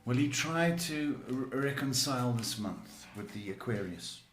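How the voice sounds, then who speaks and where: A man's voice: mid-range voice, expressive, unhurried, a bit bright, echoey room. A man hosting a live psychic tarot advice show. He gives blunt, emphatic guidance and often repeats or restarts his words.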